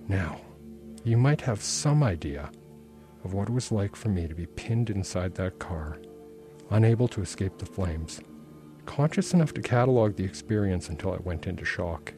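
A man, the author, reading aloud from his own novel in a measured, intense first-person narration. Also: low-pitched, expressive, dark tone, faint music behind. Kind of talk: literary reading.

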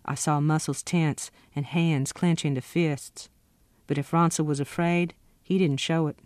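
A woman author reading from her own novel in a steady, expressive first-person narration. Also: low voice, unhurried, no room sound.

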